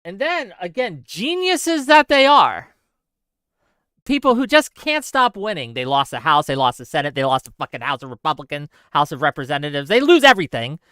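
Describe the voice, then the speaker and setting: A man hosting a livestream, ranting sarcastically while reading chat messages. His voice is bright and crisp and rises and falls a lot. He sounds exasperated, and the close mic is dry. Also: fairly high pitch, big pitch swings, normal speed, no echo. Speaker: streamer host.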